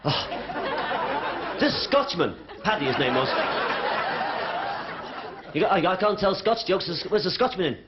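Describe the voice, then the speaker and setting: Cheeky Liverpool stand-up comic. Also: male voice, high voice, big pitch swings, unhurried, long pauses, crowd noise, noisy background. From Liverpool, England. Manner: cheeky, chatty, bantering with the audience. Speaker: stand-up comedian. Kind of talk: stand-up comedy routine. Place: theatre stage before a live audience. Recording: dull 1970s TV broadcast audio, loud audience laughter.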